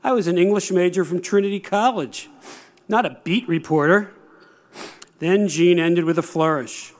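Man, sixties, speech giver: measured storyteller, dry wit, slightly high voice. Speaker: speaker. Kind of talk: prepared speech.

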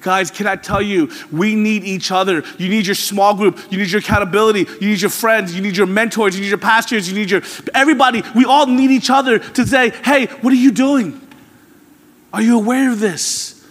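Pastor, male, high-pitched, casual but building sermon, long reverb. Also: steady tone, brisk, few pauses, fairly bright tone. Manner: conversational, candid preaching with rising emphasis.

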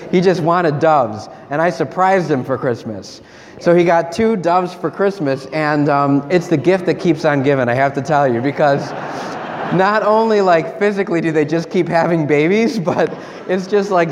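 A male priest tells a lively, chatty story from the pulpit, with frequent laughs in his voice. His voice sits a bit high for a man. It rings out with long church reverb over a faint background hum. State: sick with a cold. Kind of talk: storytelling homily.

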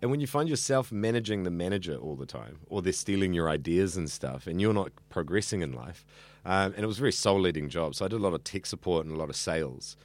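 Very deep-voiced earnest young man. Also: expressive, fast talker. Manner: earnest, rambling, with many fillers and restarts. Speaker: radio student and evening radio host. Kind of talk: casual interview chat.

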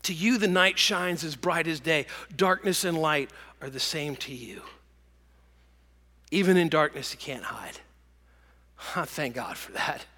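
A man preaching a sermon and telling stories, dropping to hushed whispers and rising to loud bursts. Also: a little high, a little slow, big-room sound. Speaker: pastor.

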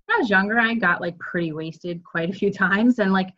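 A woman's voice: medium pitch, fairly quick, pushed and bright, dull audio. A woman EMT telling a work story in casual chat, full of filler words. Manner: chatty storyteller, many filler likes.

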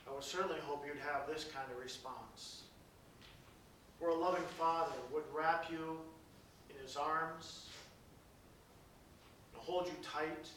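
Pastor guy preaching slow, kinda high voice, lots of church echo. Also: fairly even intonation, slight background noise. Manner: slow, dramatic reading with soft hushed passages. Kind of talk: sermon. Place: large church. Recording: very echoey church from a distance.

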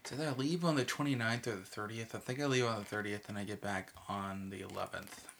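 A man's voice: fairly low pitch, steady tone, fairly quick, vocal fry, a bit bright, a little hiss or hum. A man from Texas chatting casually on a podcast, rambling with lots of restarts and filler words. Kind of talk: casual chat.

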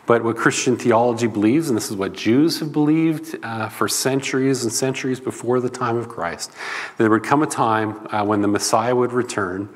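A man's voice: medium pitch, moderate pace, in a large hall. A man preaching a sermon in a loose, conversational teaching manner. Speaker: pastor.

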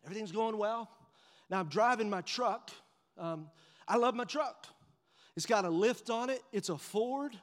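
A man preaching a sermon and telling a humorous story, animated and lively, dropping to hushed tones for his inner thoughts. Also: high-pitched, normal speed. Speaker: pastor. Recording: long reverb of a large hall.

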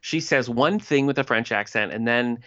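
A woman's voice: extremely low pitch, moderate pace, highs cut off. A woman co-hosting a podcast, chatting casually and wryly as she recaps a TV episode. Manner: chatty, wry, animated. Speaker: podcast co-host.

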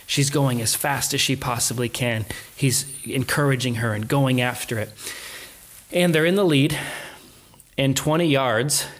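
An adult man tells a story in an easy conversational way. He animates the retelling with quoted voices and short laughs. His voice sits at an ordinary middle pitch. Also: unhurried. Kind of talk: casual storytelling chat.

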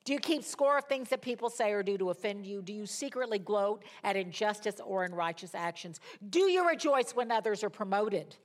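Woman, middle-aged, Bible study teacher; expressive storyteller with a flair for drama, medium pitch. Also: brisk, hardly any pauses.

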